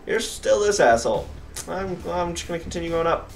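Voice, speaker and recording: A young man giving let's play commentary, cursing at enemies and getting excitable. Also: a little high, a little fast. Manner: profane, excitable, yells at enemies. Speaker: gamer. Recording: distant mic with game music behind.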